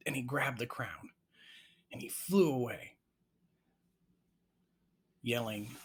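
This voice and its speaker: A man narrating an improvised bedtime story, gentle and halting. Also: mid-range voice, creaky, husky.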